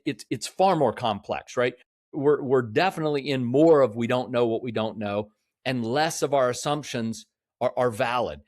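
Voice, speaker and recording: Male guest, earnest and conversational, mid-pitched voice in a dead room. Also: a little mellow, no echo, studio quality. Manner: earnest, frequent "right?" tag questions. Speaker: podcast guest, real estate developer. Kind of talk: conversational interview.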